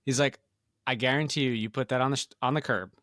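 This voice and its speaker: A man's voice: medium pitch, fast, no echo. Middle-aged guy chatting on a podcast, laid back, lots of likes and ums, dry mic. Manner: relaxed, rambling with many fillers. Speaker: podcast co-host. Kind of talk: casual chat.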